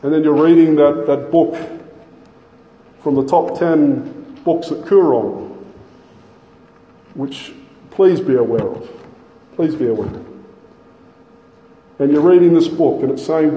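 A middle-aged man preaching a sermon, emphatic, slowing down and repeating his key phrases. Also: on the high side, warm tone. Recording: echoey hall from a distance.

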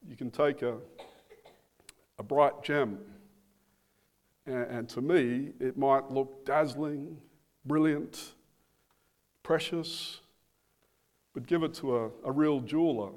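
A man preaching a sermon, slow and emphatic, repeating phrases for weight. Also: medium pitch, darkish tone. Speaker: pastor.

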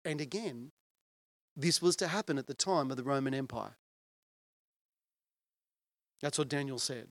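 A man's voice: a little high, dry recording, clean studio sound. A male pastor preaching a sermon in an earnest, conversational way and putting questions to his listeners.

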